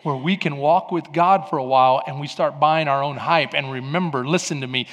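A male preacher delivering an emphatic sermon, building up to shouted peaks and then dropping to hushed, intimate asides. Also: a little high, brisk, muffled recording. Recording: long reverb in a large hall.

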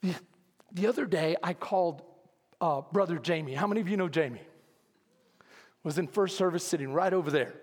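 A male pastor preaching a sermon in a church, talking in an animated, conversational way and calling out to his congregation. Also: fairly high pitch, fairly quick, pauses often. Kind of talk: lively sermon. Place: church sanctuary. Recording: long reverb of a church hall.

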